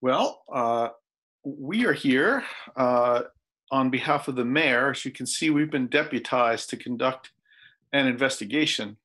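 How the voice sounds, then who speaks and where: A man's voice: mid-range voice, animated, unhurried, fairly bright tone. A man playing a tabletop game, speaking hesitantly and politely in character. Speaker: player.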